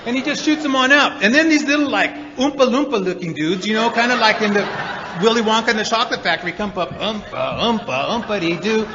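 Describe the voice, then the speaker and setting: A man speaking at a recovery meeting, telling his story to an audience in an animated way, acting out the voices of the people in it. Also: very high-pitched, quick pace, noisy background. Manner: animated storyteller, acts out quotes, many repeated 'and's. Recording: dull recording in a hall with reverb.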